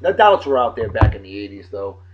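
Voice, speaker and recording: A man hosting his own casual webcast, rambling and crude and quick to get riled. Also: lowish voice, big pitch swings, lo-fi sound. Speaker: show host.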